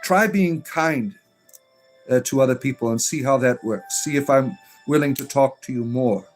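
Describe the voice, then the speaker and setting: A man's voice: mid-range voice, normal speed. A man with a mid-range voice hosts a livestream, reading chat comments aloud and answering them. He sounds exasperated and sarcastic, and his talk is full of ums and uhs. Faint music plays behind him. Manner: exasperated, sarcastic, with many fillers. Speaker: pagan clergy livestream host.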